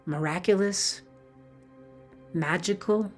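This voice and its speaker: Earnest woman spiritual teacher, lower voice. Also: takes it slowly, a little mellow, faint music behind. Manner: earnest and emotional, with many fillers. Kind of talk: heartfelt personal storytelling talk.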